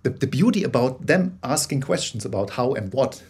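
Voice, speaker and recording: A man, a guest on an interview podcast, explaining ideas in a lively, conversational way over a call, with many restarts. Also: medium pitch, moderate pace, breathy edge. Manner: many restarts, animated bursts, laughs. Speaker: guest, corporate storyteller.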